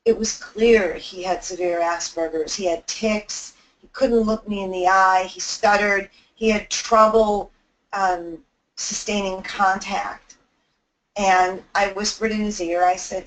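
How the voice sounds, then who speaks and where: A woman tells a story about bullying to educators in an earnest, heartfelt way. Her voice sits at a middle pitch, and the mic is some distance away, so she sounds slightly far off. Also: steady tone, takes it slowly. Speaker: anti-bullying speaker. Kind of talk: storytelling webinar talk.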